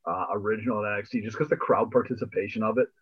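A man's voice: fairly low pitch, fairly even intonation, racing, husky. Chill podcast guy, talks loose and repeats himself while thinking, kinda dull lo-fi sound. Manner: laid-back, repeats phrases while thinking. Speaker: podcast co-host. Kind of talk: casual chat.

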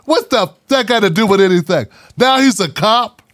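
A man's voice: high-pitched, animated, moderate pace, fairly bright tone, no echo, clean studio sound. A man hosting a casual commentary monologue, talking in a sarcastic, mocking, slangy way. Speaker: political commentary host.

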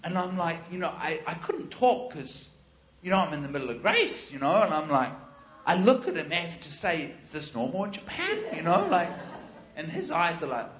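A man preaching, telling a lively story and acting out the quoted lines with laughter. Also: on the high side, normal speed, a little hiss or hum. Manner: animated, laughing, acts out quotes. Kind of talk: storytelling sermon.

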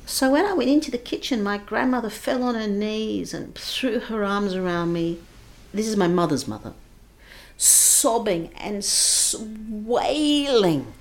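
A woman recounting a painful childhood memory in an interview, moving between hushed passages and raised, intense moments. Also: medium pitch, animated, unhurried. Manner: vivid, emotional retelling with shifts between hushed and raised intensity. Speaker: guest recounting her childhood. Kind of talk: personal storytelling.

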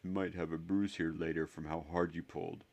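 A timid young boy, easily frightened and quietly hurt, speaking in a thin, wavering little voice, as a man puts him on while reading. Soft and low-set, from a storybook reading. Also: level tone, brisk, creaky, muffled recording, exaggerated voice. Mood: wounded.

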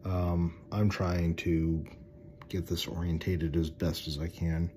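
Deep-voiced male podcaster, earnest and direct, loose rambling delivery. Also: flat delivery, slow, dark tone, slight background noise. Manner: rambling, with many fillers and restarts. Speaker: Christian podcaster. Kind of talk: casual religious talk.

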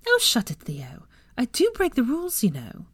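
A woman's voice: fairly high pitch, huge pitch swings, measured pace, mellow, breathy edge, dry recording, voice pushed up, heavily acted. A woman voicing a bookish young witch who answers in an embarrassed, whispery voice.

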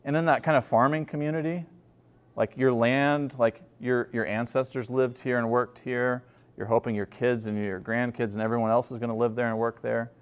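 A man's voice: medium pitch, fairly even intonation, moderate pace, smooth. Conversational male preacher. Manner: conversational, storytelling with frequent fillers and restarts. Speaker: pastor. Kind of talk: sermon.

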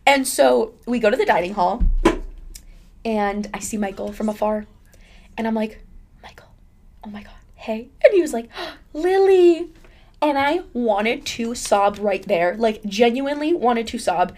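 A woman's voice: on the high side, moderate pace, darkish tone. A young woman hosting her own podcast in casual chat, rambling and chatty, with lots of fillers and laughter. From United States. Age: young adult. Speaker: podcast host.

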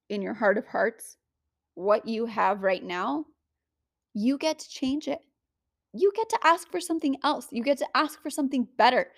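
A woman's voice: a little high, no room sound, studio quality. A woman giving motivational spiritual teaching in an earnest, conversational way, full of rhetorical questions.

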